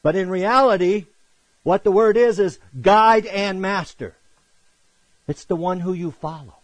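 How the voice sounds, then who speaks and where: A man preaching a sermon, acting out quoted greetings and swinging between loud emphasis and quiet asides. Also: sits high, a little slow, no echo, poor audio. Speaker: pastor.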